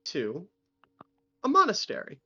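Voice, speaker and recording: A man's voice: high voice, huge pitch swings, unhurried, bright, forceful tone. A man narrating a live tabletop role-playing game as game master, in loose narration full of fillers. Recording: lo-fi stream audio.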